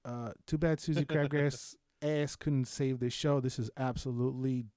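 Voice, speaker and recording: A young man co-hosting a podcast, chatting casually about shows with lots of swearing and animated storytelling. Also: medium pitch, normal speed, no room sound, studio quality. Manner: animated, profane, loud bursts of laughter-filled storytelling. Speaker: podcast co-host. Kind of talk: casual chat, reviewing shows.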